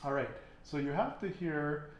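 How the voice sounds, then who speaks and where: A man's voice: on the high side, normal speed, roomy sound. A man teaching a casual language lesson, patiently asking questions and repeating his student's answers with encouragement. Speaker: Spanish teacher.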